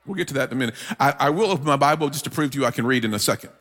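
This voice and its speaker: A man preaching a sermon, telling a story with humor and lively energy. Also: mid-range voice, very fast. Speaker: guest preacher. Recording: long hall reverb from church.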